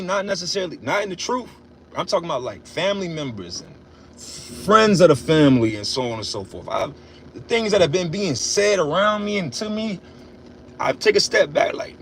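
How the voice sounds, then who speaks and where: Dude preaching blunt and cussing in his car, voice a bit high, faint road hum behind, gets loud on the big points. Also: animated, fairly quick. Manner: blunt and profane, with loud emphatic bursts. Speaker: religious commentator. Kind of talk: casual preachy monologue.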